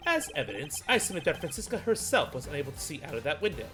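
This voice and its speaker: A composed, precise prosecutor, as a man plays him in a fan-made game dub, laying out evidence in measured, formal sentences. His pitch moves a lot between phrases, and music plays clearly behind him. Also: big pitch swings. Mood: calm. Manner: measured, formal and deliberate reasoning. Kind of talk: amateur game dub reading.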